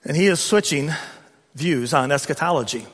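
A middle-aged man preaching a sermon as a pastor, emphatic and rising to loud peaks on key points. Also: a little high, lively intonation, normal speed. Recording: long reverb of a large hall.

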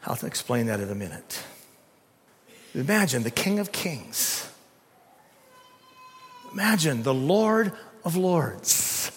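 A man preaching a sermon in a church, dramatic, swinging from loud emphasis to hushed tones. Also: medium pitch, big pitch swings, takes it slowly, pauses often. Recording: long reverb of a hall.

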